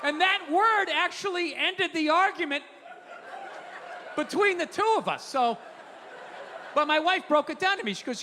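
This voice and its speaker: A man's voice: very high voice, lively intonation, moderate pace, long pauses, sharp tone, long reverb tail, slight background noise. A man doing a stand-up comedy set, telling profane stories in a brash, ranting way. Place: comedy stage before an audience.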